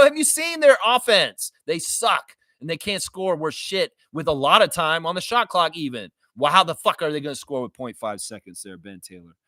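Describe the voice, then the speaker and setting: Animated, profane sports-ranting man. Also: a little high, no echo, studio quality. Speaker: livestream reaction host. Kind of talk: live sports reaction rant.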